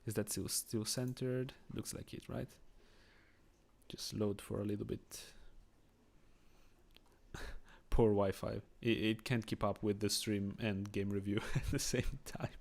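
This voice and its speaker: Swiss guy streaming chess, low gravelly voice, chats with viewers and thinks out loud, english isnt his first language. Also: fairly even intonation, measured pace, pauses often. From Switzerland. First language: not English. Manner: chatty, thinks aloud, reads chat and greets viewers. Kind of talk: casual live-stream commentary.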